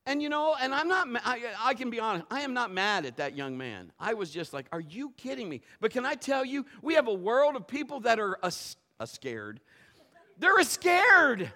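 Telling a story from the pulpit, a middle-aged pastor moves between quiet murmurs and loud outbursts. His delivery is sing-song and fairly quick, with few pauses.

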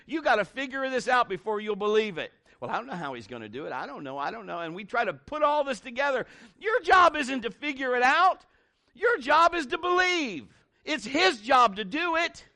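A middle-aged man preaching a sermon in an animated, conversational way, with big swings in pitch.

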